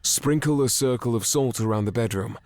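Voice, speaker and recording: A prim phone operator speaks in a put-on British accent, formal and condescending, as an actor plays him. The voice is medium in pitch and dry, recorded close. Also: male voice, brisk, darkish tone, no room sound, close to an everyday voice.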